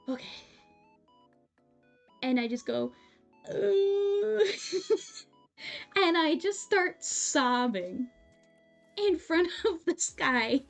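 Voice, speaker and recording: A young woman with a fairly high voice tells a story in a lively, chatty way while she sews on a live stream. She laughs often and scatters fillers through her talk, and soft music plays behind her. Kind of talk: casual storytelling while sewing. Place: home streaming setup.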